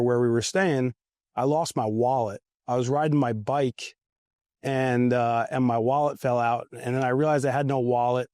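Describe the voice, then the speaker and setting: A man reminisces about his days as a team equipment manager, wandering through anecdotes with restarts and chuckles at himself. His voice sits at a middle pitch. The sound is dry and close. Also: a little mellow, no room sound. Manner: rambling, self-amused anecdotes with restarts. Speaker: former football equipment manager. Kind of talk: casual storytelling interview. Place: outdoors at a golf event.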